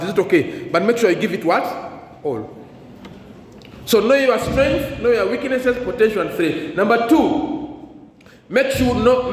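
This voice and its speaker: A man's voice: high voice, a little hiss or hum. A man giving career guidance to students at a school, leaving blanks in his sentences for the class to fill in. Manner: call-and-response, leaves blanks for the class to fill. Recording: echoey hall, faint ambience.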